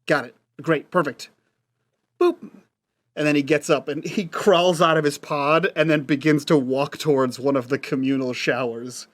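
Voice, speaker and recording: A man's voice: a little high, fairly even intonation, normal speed, hardly any pauses, no echo. A man playing his character in a tabletop role-play, joking and rambling with many restarts. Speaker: player.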